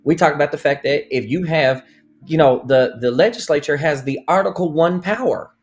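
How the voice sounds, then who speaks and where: A man's voice: fairly high pitch, normal speed. A man co-hosting a podcast, arguing his point in casual commentary and acting out what he would say. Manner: argumentative, acts out speeches. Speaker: podcast co-host.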